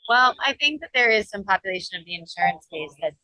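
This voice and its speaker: A woman's voice: mid-range voice, expressive, fast talker, sharp tone, no room sound, low-quality recording. A woman co-hosting a podcast in casual, playful banter, recorded between sessions at a conference. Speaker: podcast co-host.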